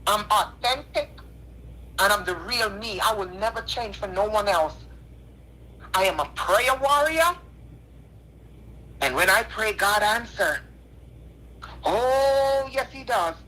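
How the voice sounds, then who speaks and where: A woman's voice: medium pitch, expressive, takes it slowly, pauses often, pushed and bright. A tearful woman calling in on a phone line, talking in an earnest, repetitive, preacherly way. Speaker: caller. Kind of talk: emotional call-in apology.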